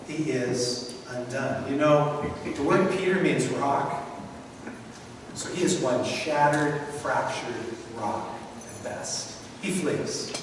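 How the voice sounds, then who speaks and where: A middle-aged man, a pastor, preaching a sermon and telling the story vividly, acting out the voices of its people. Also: fairly high pitch. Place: large church hall. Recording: echoey hall from far off, faint noise.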